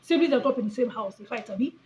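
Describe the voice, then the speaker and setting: A woman's voice: fairly high pitch, animated, racing, a little mellow, a little hiss or hum, poor audio. A woman, a mother talking casually to her phone camera in a rambling, self-correcting way, full of restarts. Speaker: vlogger, mom of three. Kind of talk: casual talking-head vlog.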